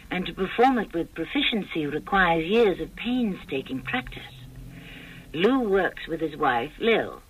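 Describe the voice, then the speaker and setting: A man hosting a radio drama, narrating in a measured, declamatory style. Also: on the high side, a bit bright, slight background noise, low-quality recording.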